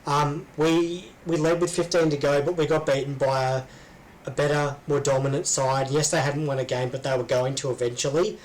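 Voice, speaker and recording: Chatty Australian man, slightly high. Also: little pitch movement, moderate pace, poor audio. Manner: rambling, full of ums and restarts. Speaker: podcast co-host. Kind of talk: casual chat.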